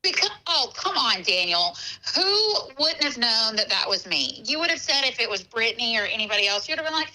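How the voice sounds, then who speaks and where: A woman's voice: on the high side, big pitch swings, a little fast, pushed and bright. A woman answering a phone call in a casual chat, teasing, giggly and sassy. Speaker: phone caller.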